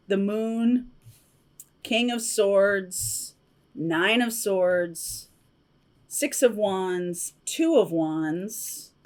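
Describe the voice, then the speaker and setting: Chatty woman giving a tarot reading. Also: mid-range voice. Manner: chatty, intuitive, frequent fillers and asides. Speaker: tarot reader. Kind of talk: casual spoken tarot reading.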